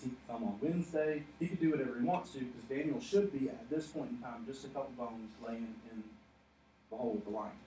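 A pastor with a mid-range voice and dark tone preaches a sermon, recorded far off-mic in an echoey hall with faint noise. He tells the story and builds to emphatic points, dropping in laughing asides.

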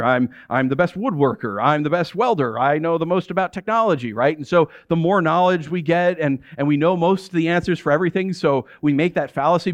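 A man preaching a sermon as a pastor, animated and laughing often, acting out the voices of the people he quotes. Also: fairly high pitch, no echo.

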